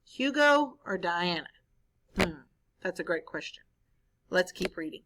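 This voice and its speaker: A woman's voice: fairly low pitch, animated, measured pace, pauses often, background noise. A woman teacher reading a story aloud to children, stopping to explain and ask them questions. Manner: explaining, asks the listeners questions. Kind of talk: read-aloud lesson for children.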